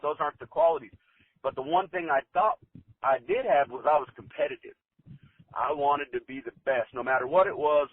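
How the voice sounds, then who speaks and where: A man, an insurance agent, giving a plainspoken motivational talk with a folksy anecdote, pausing often on fillers. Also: mid-range voice, dry recording. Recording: tinny phone-like dry sound.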